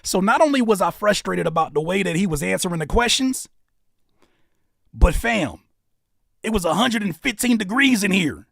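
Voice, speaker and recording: A man hosting a casual live stream, talking in an animated way that swings between loud outbursts and low muttering. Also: creaky, no echo, studio quality. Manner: animated, quick shifts between shouting and muttering. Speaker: host of a live stream channel.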